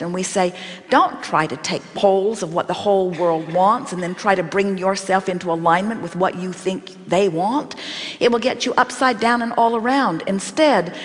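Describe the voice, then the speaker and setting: A woman giving an inspirational workshop talk, speaking as a collective "we" in a measured, emphatic way. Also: medium pitch, big-room sound. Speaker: channeled spiritual teacher speaking as a collective.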